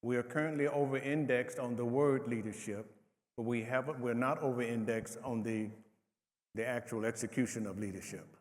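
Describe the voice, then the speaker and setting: A man's voice: medium pitch, steady tone, moderate pace. A man on a conference panel speaking directly and bluntly. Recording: reverberant conference hall.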